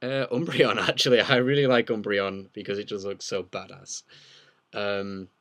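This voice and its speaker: A man's voice: on the low side, steady tone, moderate pace, fairly bright tone. Rambling young man on a livestream. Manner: rambling, jokey, reads viewer questions aloud. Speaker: livestream host. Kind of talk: casual live Q&A chat.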